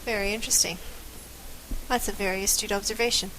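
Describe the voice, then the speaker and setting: Measured woman co-host over background noise. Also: mid-range voice, fairly even intonation, sharp tone, poor audio. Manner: measured and affirming, thoughtful replies. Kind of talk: casual chat.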